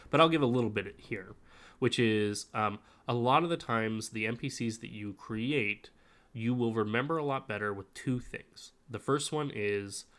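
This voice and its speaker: A man's voice: medium pitch, moderate pace, fairly bright tone. A man co-hosting a podcast in casual chat, explaining game-master advice at length.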